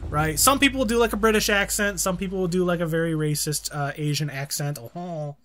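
A man co-hosting a let's play, excitable and rambling, reading game text aloud with drama. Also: sits high, a little fast, slight background noise. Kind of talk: casual gameplay commentary.

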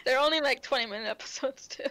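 A young adult woman co-hosting a casual book podcast, chatty and quick to laugh while recapping chapters. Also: high-pitched, bright, forceful tone, no room sound, rough recording. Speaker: podcast co-host.

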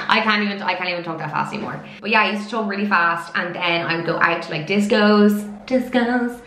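A woman of twenty-five chatting to camera in a fast, loud, storytelling way. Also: on the low side. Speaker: vlogger. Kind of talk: casual chat to camera. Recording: echoey room.

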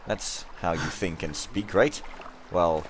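A man's voice: deep voice, slow pace, a little hiss or hum. A man giving casual let's play commentary, rambling with self-mocking, jokey asides.

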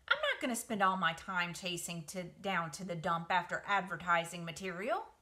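A woman's voice: fairly low pitch, moderate pace, pushed and bright. A woman voicing a grumbling, indignant male barn rat in a children's story reading.

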